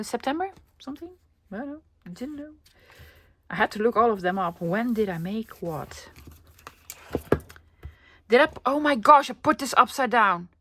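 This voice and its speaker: A woman's voice: mid-range voice, sharp tone, a little hiss or hum. A young woman chatting playfully to her viewers while she crafts, calling them love and dropping to a whisper now and then. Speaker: craft vlogger. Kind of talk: casual crafting vlog chat.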